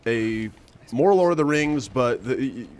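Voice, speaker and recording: A man in casual gaming banter, animated when telling stories and stammering as he goes. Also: medium pitch, unhurried. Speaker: gaming group member.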